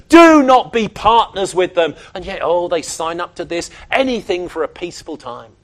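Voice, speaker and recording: A man preaching a sermon, emphatic and animated, often acting out the voices of other people. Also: sits high.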